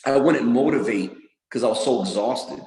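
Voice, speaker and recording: A man talking as a podcast guest, an animated storyteller who does voices and laughs often in casual interview chat. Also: medium pitch, moderate pace, reverberant, poor audio. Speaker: podcast guest, music producer and manager.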